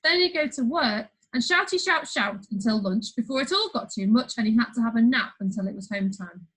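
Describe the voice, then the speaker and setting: Lively woman reading a children's story. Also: fairly high pitch, brisk, breathy edge, low-quality recording. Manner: lively, playful storytelling with asides. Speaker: storybook reader.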